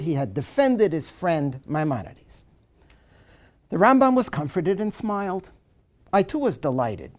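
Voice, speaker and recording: A man lecturing in a seminar, reading a passage aloud with dramatic, animated delivery and then explaining it. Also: on the high side.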